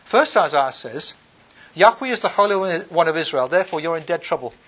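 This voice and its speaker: A man's voice: a little high, animated, fairly quick, fairly bright tone. A man giving an unscripted lecture on scripture, reading verses aloud and then explaining them in a conversational way, with frequent ums, uhs and restarts. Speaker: bible lecturer.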